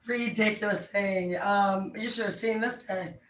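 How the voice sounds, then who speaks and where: A woman's voice: mid-range voice, steady tone, a little slow, slight background noise. A woman telling a long story in a blunt, rambling, profane casual chat. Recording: echoey room, mic at a distance.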